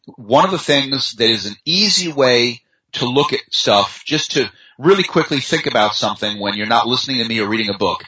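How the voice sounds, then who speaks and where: A man talking in an unhurried, chatty way as a guest in a conversation, with fillers and easy storytelling. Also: mid-range voice, pushed and bright. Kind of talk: casual conversation. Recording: dull lo-fi sound.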